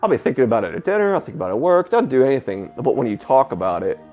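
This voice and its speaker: A man telling a painful personal story as an interview guest, halting and breaking off with filler sounds, sounding close to tears. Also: medium pitch, big pitch swings, dull audio. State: emotional, near tears. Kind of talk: emotional personal account.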